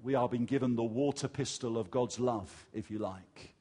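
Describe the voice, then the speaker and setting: An English man preaching a sermon, telling a personal story with lively acted-out voices. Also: medium pitch, moderate pace, husky. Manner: animated storyteller, acts out crowd voices.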